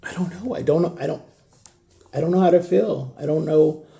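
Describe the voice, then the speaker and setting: A grieving, shaken man talking straight to camera in an emotional storytime vlog, halting and raw, often sinking to a near whisper. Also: a little high, creaky, dark tone, muffled recording. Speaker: vlogger.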